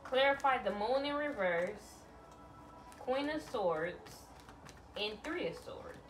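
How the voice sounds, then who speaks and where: A woman's voice: fairly high pitch, lively intonation, slow, recorded from a distance, soft background music. Blunt swearing woman reading tarot. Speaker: tarot reader. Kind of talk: casual tarot reading to camera.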